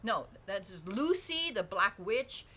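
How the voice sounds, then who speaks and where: She talks slowly in a mid-range, sharp-toned voice with big swings in pitch, and there's a little background noise. On her own channel, in front of a painting at home, she rambles through a candid self-reflection with many restarts, using a dedicated indoor microphone.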